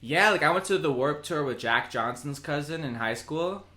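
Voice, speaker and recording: A man's voice: on the high side, lively intonation, moderate pace, sharp tone. A young man hosting a casual comedy podcast, teasing and joking with his guest.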